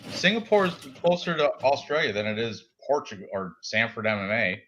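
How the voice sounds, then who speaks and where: A man's voice: medium pitch, big pitch swings, fairly quick, bright, forceful tone, a little hiss or hum. A man in his forties chatting casually about fight picks as a podcast co-host, joking and laughing often. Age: 40s. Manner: joking, laughs often, does silly voices.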